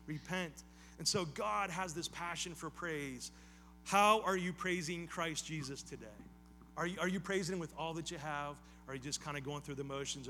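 A man's voice: sits high, sharp tone. A male pastor preaching a sermon in a conversational style, with casual asides and repeated phrases that build to emphatic calls.

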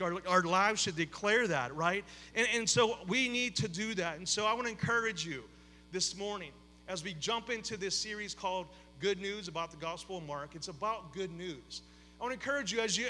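A man's voice: high-pitched, sharp tone, big-room sound, slight background noise. A man who is a campus pastor, giving a conversational sermon with an opening prayer, talking with many fillers and repeated words in a church sanctuary.

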